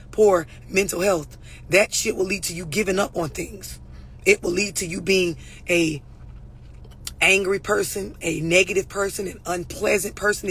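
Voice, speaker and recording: A woman's voice: fairly low pitch, a bit bright, slight background noise. A woman relationship coach talking straight to her viewers, blunt, profane and preachy. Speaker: relationship and mental health coach. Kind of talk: unscripted talk to camera.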